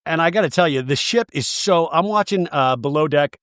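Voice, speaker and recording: A man hosting a podcast, recapping a reality show in a jokey, animated way and slipping into quick mock voices. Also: fairly high pitch, no echo, studio quality. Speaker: podcast host.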